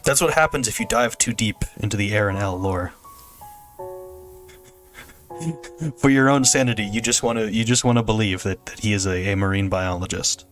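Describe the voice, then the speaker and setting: A man's voice: lowish voice, moderate pace, pauses often, fairly bright tone, faint music behind. A young man chatting casually on a game stream, rambling and joking with frequent laughter. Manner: rambling, jokey, laughs often. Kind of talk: casual gameplay stream chat.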